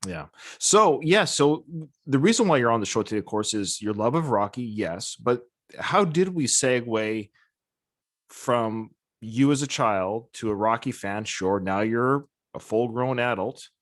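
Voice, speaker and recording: Enthusiastic rambling podcast host. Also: male voice, medium pitch, lively intonation, a little slow, a bit bright. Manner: enthusiastic, rambling, many restarts. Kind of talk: casual podcast interview.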